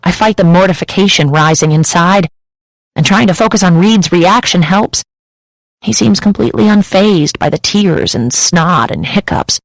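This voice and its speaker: Woman narrator for a first-person romance audiobook, intimate and emotive, gravelly texture, dry close studio sound. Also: lowish voice, expressive, normal speed, no room sound, rough recording.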